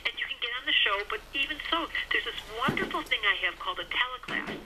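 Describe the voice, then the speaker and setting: Woman radio host, animated, acts out quoted voices, middle-aged, noisy radio broadcast. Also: mid-range voice, a little fast. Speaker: radio show host and astrologer. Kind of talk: radio talk show monologue. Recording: radio broadcast with background noise.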